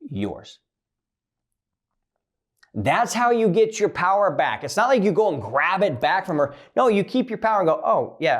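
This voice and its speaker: A man giving a blunt, profane coaching monologue about relationships, swinging from loud emphasis to low, quiet lines. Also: sing-song, normal speed.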